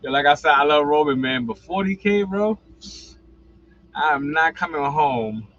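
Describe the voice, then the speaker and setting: A man's voice: fairly high pitch, lively intonation, normal speed, a bit bright, lo-fi sound. A man, hosting a casual livestream, rambling and blunt with lots of slang and swearing. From New York. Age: 40s. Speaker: livestream host.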